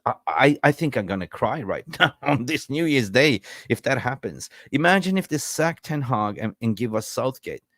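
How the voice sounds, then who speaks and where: A man's voice: mid-range voice, big pitch swings, moderate pace, hardly any pauses, a bit bright, no echo. A man hosting a casual football live stream, chatty and rambling, ranting in frustration with jokes and greeting viewers.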